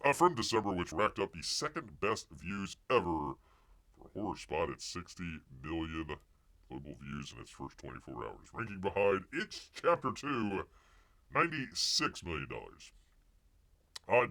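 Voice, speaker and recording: A man's voice: low-pitched, bright, forceful tone. A man hosting a casual live stream, rambling and joking as he reacts to the news. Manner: rambling, jokey, wonders aloud and mocks the news. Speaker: live show host.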